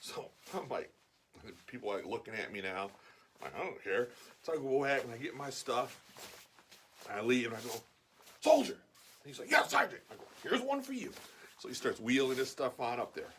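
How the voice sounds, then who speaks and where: A man's voice: medium pitch, normal speed, slight background noise. A man casually telling an anecdote in a chatty way, acting out the dialogue as he goes. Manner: animated, chatty, full of "like" and acted-out quotes. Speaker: guest storyteller.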